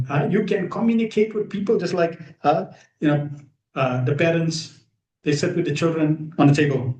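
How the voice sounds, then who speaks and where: Male spiritual teacher, emphatic slow delivery, rhetorical questions, reverberant room. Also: on the high side, a little mellow. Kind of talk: devotional talk to a live group. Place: room with a gathered audience. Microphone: streamed live over video call. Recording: echoey room.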